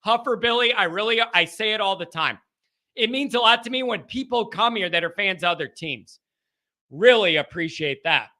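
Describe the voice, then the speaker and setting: A high, very bright male voice hosting a live call-in show. He talks in an animated, rambling way, chuckling between thoughts. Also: moderate pace. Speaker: show host.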